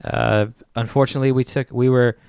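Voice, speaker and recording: Man voicing a calm Vulcan doctor for a tabletop game, formal and measured, smooth dry voice. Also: medium pitch, no room sound, lightly acted. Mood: grave.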